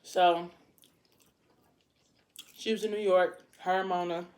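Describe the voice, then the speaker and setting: Mukbang vlogger, woman, slightly low voice, chatty storyteller who apologizes in passing. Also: fairly even intonation. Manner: casual and rambling, with quick apologetic asides.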